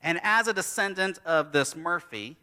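A pastor preaching a sermon, telling a story about his kids and acting out their lines in lively storytelling. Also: on the high side, normal speed, clear, resonant tone. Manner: animated storytelling, acting out his kids' voices. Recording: long hall reverb.

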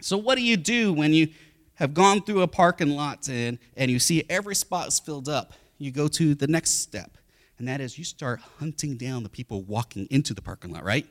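A man's voice: on the high side, expressive, normal speed. A middle-aged man, a pastor, preaching a sermon through family stories, acting out what people say. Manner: storytelling, acts out quotes, repeats words.

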